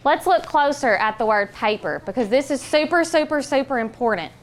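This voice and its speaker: A woman teacher leading a phonics lesson, giving clear, patient directions and drawing out sounds slowly. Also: high-pitched, lively intonation, slight background noise. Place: classroom.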